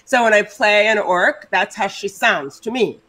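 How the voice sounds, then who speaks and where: A woman's voice: medium pitch, a little slow. Chatty woman giving advice on a panel. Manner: animated, chatty, gives advice. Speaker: panelist on a roleplay stream. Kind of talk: casual panel discussion.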